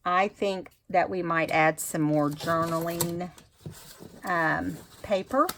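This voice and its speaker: A woman's voice: on the low side, steady tone, slow, fairly bright tone, a little hiss or hum. A woman talking casually through a craft tutorial, thinking aloud as she works. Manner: chatty, thinks aloud while working. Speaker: craft vlogger.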